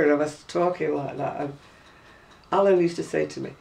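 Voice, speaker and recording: A woman's voice: sits low, fairly even intonation, normal speed, vocal fry, a little mellow. An older woman with a Lancashire accent, chatting at home as host and laughing through her stories. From Oldham area, northwest England. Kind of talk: casual chat. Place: living room at home, indoors. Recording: distant camera mic in a room.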